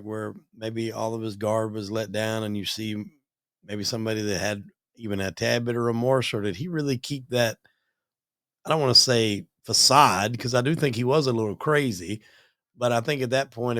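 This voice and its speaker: A man's voice: medium pitch, fairly bright tone, dry recording, studio quality. A man hosting a podcast, musing aloud in long, reflective questions and comments. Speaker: podcast host.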